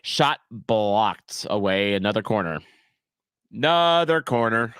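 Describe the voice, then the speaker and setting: A man streaming a casual watch-along of a live match, animated and jokey, shouting at near-misses. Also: on the low side, slow, clean tone, no echo, clean studio sound.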